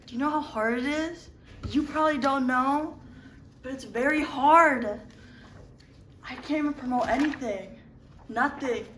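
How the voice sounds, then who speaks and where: A woman's voice: high voice, fairly bright tone, a little hiss or hum. A woman doing a sighing would-be advertiser. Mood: mopey. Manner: sighing, dramatic, slow and drawn out. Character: woman longing to advertise a flag. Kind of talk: comedic fake ad skit. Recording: echoey, distant, faint ambience.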